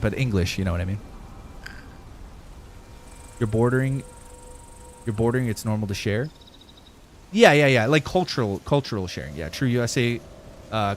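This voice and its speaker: A young male game streamer from Southern Ontario, speaking with a Southern Ontario Canadian accent. He rambles casually and curses freely while answering his chat, with a faint hiss of noise underneath. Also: medium pitch. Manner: rambling, profane, talks directly to chat. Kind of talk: casual livestream chat with viewers.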